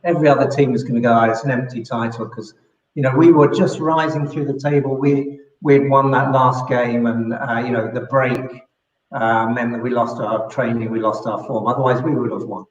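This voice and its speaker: Male guest, London accent, thoughtful and articulate, mid pitch, roomy sound. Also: steady tone, normal speed, highs cut off. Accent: London English. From London, England. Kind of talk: conversational interview.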